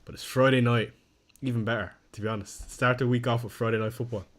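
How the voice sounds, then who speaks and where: A man's voice: mid-range voice, steady tone, fast. A young man, casually chatting on a live stream, reading out viewer comments and poking fun at his own slip-ups. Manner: chatty, self-deprecating, reads chat aloud. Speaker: fantasy football streamer.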